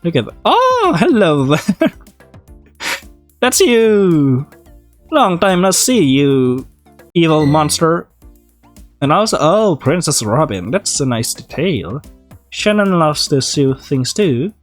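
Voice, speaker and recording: Man, let's play host, reads visual novel text aloud, playful asides, fairly high voice, faint game music. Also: big pitch swings, slow pace, pauses often. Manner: playful, reacting and joking between read lines.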